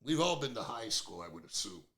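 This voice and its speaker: A man's voice: mid-range voice, sing-song, fairly quick, crowd noise. A man in his fifties hosting a podcast, talking bluntly and airing strong opinions in a casual chat. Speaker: podcast host. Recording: roomy echo.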